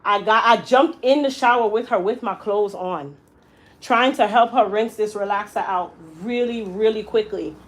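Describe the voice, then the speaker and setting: A woman's voice: mid-range voice, moderate pace, poor audio. A young adult woman, a hairstylist, telling an emotional personal story and acting out the voices she quotes. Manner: animated, acts out quoted voices. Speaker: hairstylist and salon owner.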